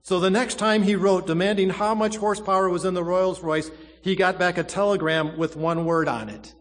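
A man's voice: high-pitched, steady tone, big-room sound. Preacher man with dramatic rise and fall. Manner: dramatic preaching, swells loud then drops to a hush, slow emphatic stresses. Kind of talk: sermon.

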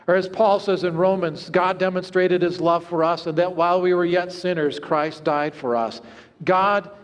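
A man preaching a sermon in a church, earnest and storytelling, dropping to hushed low tones at moments. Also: steady tone, moderate pace, smooth, big-room sound. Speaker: pastor. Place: church sanctuary.

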